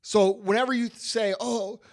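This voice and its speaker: A man's voice: high-pitched, lively intonation, normal speed, a bit bright. A man, talking bluntly and emphatically on a podcast and swearing a lot. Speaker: podcast host, business owner. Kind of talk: casual podcast chat.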